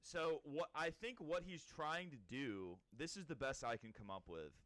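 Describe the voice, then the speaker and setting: A young man co-hosting a podcast, chatting casually in a rambling way with quick restarts. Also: on the high side, expressive, a bit bright, no room sound. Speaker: podcast co-host. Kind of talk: casual chat.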